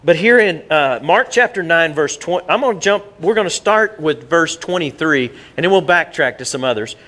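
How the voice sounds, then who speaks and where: A middle-aged pastor with a twang delivers a sermon in an easy, folksy way. His voice sits fairly high for a man and climbs further when he stresses a point. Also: animated, normal speed, bright, forceful tone. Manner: folksy and conversational, rising for emphasis.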